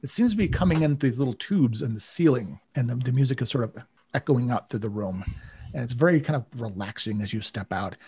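A man's voice: mid-range voice, expressive, fairly quick, mellow, a little hiss or hum. A man narrating as game master, casual and rambling with many fillers.

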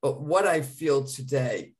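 A man's voice: medium pitch, animated, slow. A man co-hosting a live podcast, talking in an effusive, emotional, gushing way. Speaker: podcast co-host.

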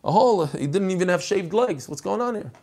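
Lively man teaching a text lesson. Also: high voice, fairly quick. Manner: animated, acts out the story.

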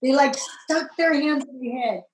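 A woman from Southern California telling her conversion story in a lively, expressive way, acting out the people she met. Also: sits high, normal speed, echoey room, rough recording. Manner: lively, acts out voices in the story, rises to excited peaks. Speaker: guest telling her testimony. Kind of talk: animated personal storytelling.

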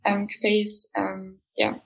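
A woman guest on a casual podcast interview with a light French and German accent, talking in a relaxed, measured way with fillers. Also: mid-range voice, creaky, low-quality recording. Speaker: guest, run crew member.

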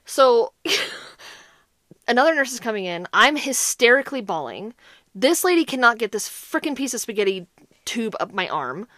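A woman co-hosts a podcast in loose, casual chat. Her voice sits a little high and swings widely as she tells a story, leaning on "like" again and again. The sound is dry and close. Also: moderate pace, dry recording. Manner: animated storyteller, heavy use of "like". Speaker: podcast co-host.

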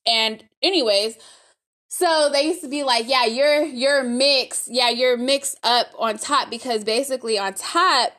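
A woman's voice: sits high, measured pace, sharp tone. A woman giving a casual spoken testimony, rambling and faith-filled, calling her viewers y'all.

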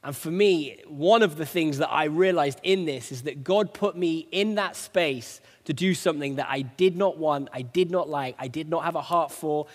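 A man's voice: a little high, moderate pace, hardly any pauses. Earnest male preacher in a reverberant hall. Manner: earnest, personal storytelling. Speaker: preacher sharing a testimony. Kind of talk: conversational sermon.

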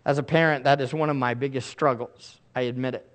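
A man's voice: mid-range voice, fairly even intonation, brisk. A man in middle age, a pastor preaching a sermon in an earnest, emphatic way with pleading asides.

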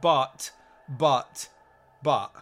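A man's voice: mid-range voice, extremely slow, fairly bright tone. A man hosting a podcast, reviewing a movie in casual chat, sarcastic and rambling with frequent laughs. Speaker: podcast host.

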